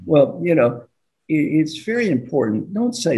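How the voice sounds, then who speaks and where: An older man coaching on leadership, telling anecdotes with a lively, swooping pitch. His voice is dark and mellow, and he acts out both sides of the conversations he recalls. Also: moderate pace. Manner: animated, acts out dialogue with laughs. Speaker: executive coach. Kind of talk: storytelling leadership talk.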